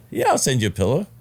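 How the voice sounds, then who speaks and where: A man hosting a podcast interview, easygoing and quick to laugh. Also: mid-range voice. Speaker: podcast host. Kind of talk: casual interview chat.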